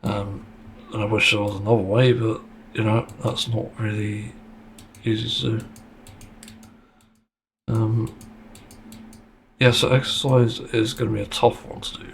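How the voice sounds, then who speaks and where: A man with a low-pitched, gravelly voice talks through a casual solo podcast monologue. He speaks bluntly and swears freely, and slips into sarcasm now and then. Faint ambient noise sits behind him. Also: level tone, a little slow, pauses often. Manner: blunt and sweary, with a frank complaining tone; sarcastic at times. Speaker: podcast host.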